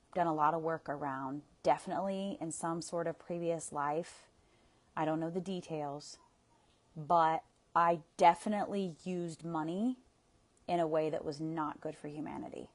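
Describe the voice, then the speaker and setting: A low-pitched woman coach leads listeners through a tapping session. Her guidance is soothing, and she sighs audibly between prompts.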